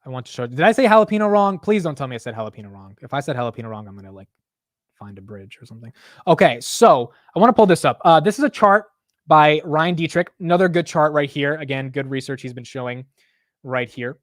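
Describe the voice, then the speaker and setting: A man hosting a live market show, talking casually in an animated, profane, self-mocking way. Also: on the high side, fast, no room sound, studio quality. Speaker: market livestream host.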